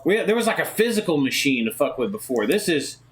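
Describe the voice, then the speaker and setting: A man's voice: fairly high pitch, sing-song, fast talker. A man co-hosting a comedy podcast, casually narrating an improvised story with crude jokes. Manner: joking, crude, narrates plot beats. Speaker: podcast co-host leading the story.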